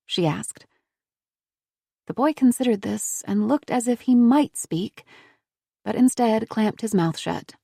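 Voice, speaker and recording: A woman narrating a thriller audiobook in a measured, even storytelling manner. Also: on the high side, creaky, husky, no room sound, clean studio sound.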